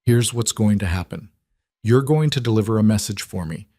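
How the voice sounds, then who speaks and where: A man voicing a cold, threatening mobster with a smooth, falsely friendly manner in an audiobook reading. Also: on the low side, lively intonation, normal speed, mellow, no room sound, clean studio sound. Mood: menacing.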